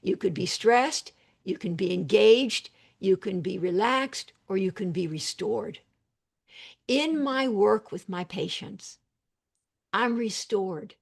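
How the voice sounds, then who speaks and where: An older woman with a gravelly, husky voice explains her therapy work in an animated, emphatic way over a video call. Her speech carries some vocal fry and a breathy edge, and she often breaks off into quick asides. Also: mid-range voice. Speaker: psychiatrist and psychotherapist. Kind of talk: conversational video call interview.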